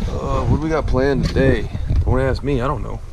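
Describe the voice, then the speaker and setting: A young man vlogging a road trip in a car, joking and yelling playfully. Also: medium pitch, fairly quick, gravelly, noisy background. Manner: joking, excitable, yells playfully. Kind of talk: casual vlog chat.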